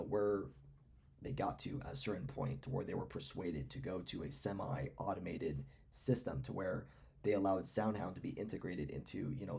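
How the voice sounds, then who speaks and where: Guy rambling about stocks, low gravelly voice, lots of fillers. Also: warm tone. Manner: rambling, filler-heavy, musing aloud. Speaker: finance commentator. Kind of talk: casual stock commentary.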